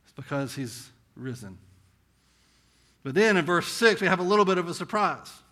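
A man with a Southern US accent preaching a conversational sermon, asking rhetorical questions and swinging between intense and hushed delivery. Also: medium pitch, unhurried, long pauses. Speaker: pastor.

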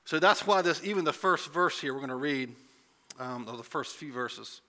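A man's voice: on the high side, animated, moderate pace, pushed and bright. A man preaching a conversational sermon, asking rhetorical questions and building to emphatic points. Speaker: pastor.

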